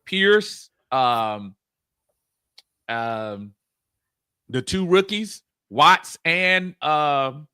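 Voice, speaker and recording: A man co-hosting a relaxed sports talk show, his bright voice swinging widely in pitch. He rambles and restarts his sentences and laughs easily. The sound is close and dry. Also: drawn-out words, pauses often, clear, resonant tone, no echo. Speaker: co-host.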